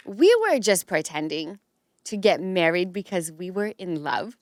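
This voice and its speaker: A woman hosting a podcast, telling a story in casual chat and acting out quotes in a higher voice. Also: normal speed, no echo, studio quality. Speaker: podcast host.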